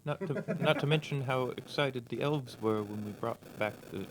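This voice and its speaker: A man's voice: mid-range voice, moderate pace, background noise. A man playing a tabletop game, chiming in with easygoing agreement in an in-character party discussion.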